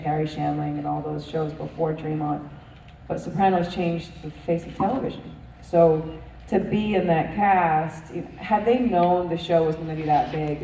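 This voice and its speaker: A woman's voice: deep voice, mellow. A woman with a New York accent, a guest at a convention panel, talking casually and swearing and laughing as she rambles. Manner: chatty, swears, laughs often, rambling restarts. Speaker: interview guest, actress. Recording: roomy, distant mic, faint hiss.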